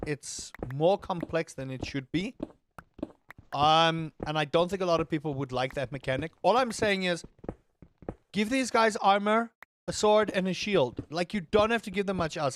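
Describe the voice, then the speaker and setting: A man commentating his own game in a casual let's-play. He is excitable, swears freely and rambles in asides. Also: fairly high pitch. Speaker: gaming streamer.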